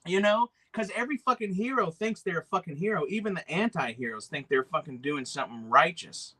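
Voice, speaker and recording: A man's voice: on the high side, lively intonation, brisk, sharp tone, husky. A man hosting a livestream, rambling casually, cursing often and answering the chat. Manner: rambling, profane, reads chat aloud. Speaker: livestream host.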